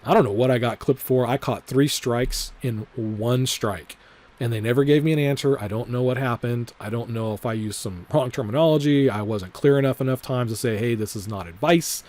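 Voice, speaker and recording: A man's voice: medium pitch, brisk, darkish tone. Rambling, profane male vlogger. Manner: rambling and profane, heavy on filler words; repeats his disclaimers over and over. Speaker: trading vlogger. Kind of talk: casual trading vlog commentary.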